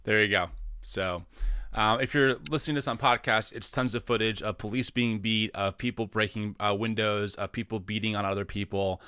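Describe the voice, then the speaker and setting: A man's voice: on the low side, a little fast, a little hiss or hum. A man co-hosting a podcast, chatting casually and emphatically about faith and the news. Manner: animated, emphatic, quotes scripture. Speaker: podcast co-host. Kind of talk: casual commentary chat.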